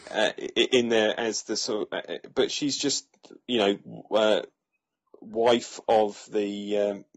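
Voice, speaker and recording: Male film reviewer, lowish husky voice, halting casual delivery. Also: fairly even intonation. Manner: hesitant, many fillers and restarts. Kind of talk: casual chat.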